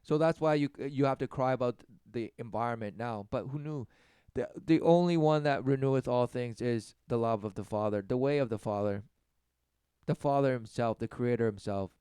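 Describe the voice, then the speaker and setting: A man delivering a mocking sermon rant, often mimicking others in high, sarcastic voices. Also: moderate pace, mellow, clean tone, no echo, studio quality. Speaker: preacher.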